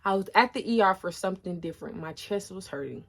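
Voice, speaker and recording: A young woman in her twenties tells a story casually and chattily to the camera. She talks straight to her viewers in a mid-range voice. She drops her voice low and soft for asides. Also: fast, gravelly, slightly rough. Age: 20s. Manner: chatty, animated, addresses viewers directly as y'all. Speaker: vlogger.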